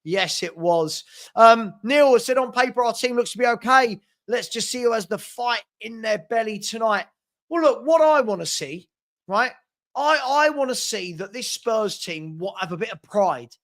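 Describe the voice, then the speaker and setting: A man's voice: high voice, expressive, normal speed, fairly bright tone. A young man hosting a live football watchalong from his home room, chatting casually and reading out viewer comments. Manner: chatty, reads out viewer comments, scolds a puppy. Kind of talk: casual live-stream chat.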